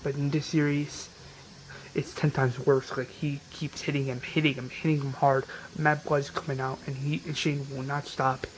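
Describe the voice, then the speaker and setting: A man's voice: mid-range voice, level tone, moderate pace, slight background noise, low-quality recording. A man casually recapping an episode on his channel, rambling with many fillers and restarts. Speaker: video recapper.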